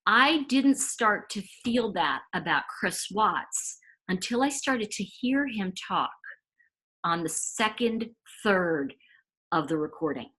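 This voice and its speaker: A woman's voice: mid-range voice, lively intonation, slow pace, bright, forceful tone, husky, rough recording. A woman talking through a case in a rambling, self-interrupting casual monologue as a commentator. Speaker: true crime commentator.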